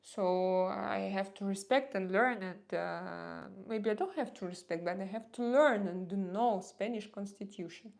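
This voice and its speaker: A woman's voice: mid-range voice, unhurried, gravelly, few pauses, darkish tone. A woman in her thirties from Russia with a strong Russian accent, chatting on a live stream and answering viewer comments with many fillers and restarts.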